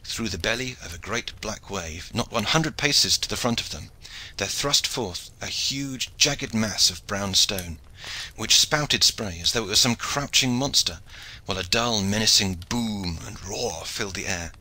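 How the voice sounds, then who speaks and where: A man reading a historical adventure audiobook in expressive narration. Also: fairly low pitch, unhurried, low-quality recording. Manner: expressive storytelling. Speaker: audiobook reader. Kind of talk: scripted narration.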